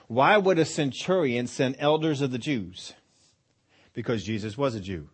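A man's voice: mid-range voice, a bit bright. Man preaching a storytelling sermon. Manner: storytelling preacher, acting out the centurion's words. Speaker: pastor.

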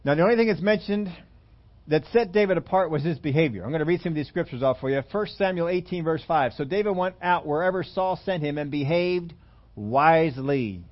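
A man with a slightly high voice delivers a sermon. He tells the scripture story with animation and slips into the characters' voices as he goes. The recording sounds dull and lo-fi. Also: expressive, fairly quick. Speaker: preacher.

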